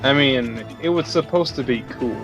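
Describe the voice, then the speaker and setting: A man's voice: medium pitch, normal speed, fairly bright tone, soft background music. A man co-hosting a podcast, tossing dry joking asides into a casual movie chat. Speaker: podcast co-host.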